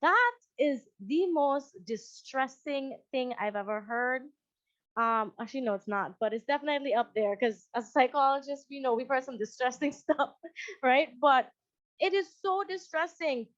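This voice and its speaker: A woman's voice: sits high, lively intonation, moderate pace, a bit bright, no echo, muffled recording. A woman psychologist with a Guyanese accent giving a conversational presentation over a video call, often acting out quoted parents.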